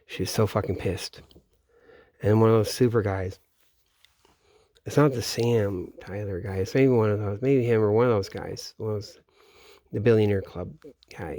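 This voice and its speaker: A man with a fairly low voice talks in a loose, rambling monologue, swearing freely and drifting from thought to thought. He often breaks off sentences and starts them over. The sound is dry and close, with almost no room around him. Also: dark tone, no room sound. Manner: profane, meandering, trails off mid-sentence. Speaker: vlogger. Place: home in Florida, at night.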